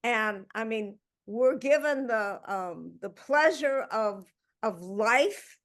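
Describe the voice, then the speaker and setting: A woman hosts a talk show with plenty of enthusiasm, laughing along with her guest. Her voice sits high, and she takes her time with her words. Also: animated, slow. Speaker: host. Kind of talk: casual chat.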